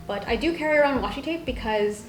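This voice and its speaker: Young woman, kinda high voice, chatty and giggly, echoey room with faint music. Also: animated, fast talker. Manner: chatty, lots of fillers, giggly. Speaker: guest artist. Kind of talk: casual chat. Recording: roomy echo with faint music.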